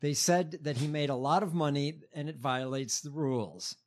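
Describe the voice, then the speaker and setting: A man's voice: on the high side, moderate pace. A man co-hosting a casual comedic podcast, reading news stories from notes with frequent fillers and restarts.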